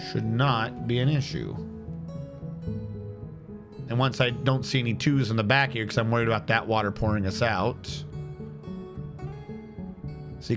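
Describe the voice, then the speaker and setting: A man casually thinking aloud as he plays a building game and answers his chat on a stream. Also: mid-range voice. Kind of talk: casual gameplay commentary. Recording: game stream with music behind. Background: guitar music.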